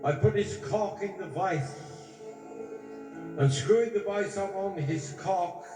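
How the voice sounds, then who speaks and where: A man telling crude jokes who slows down and drags out his punchlines. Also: high-pitched. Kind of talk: crude stand-up joke telling. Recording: echoey room from far off, with music.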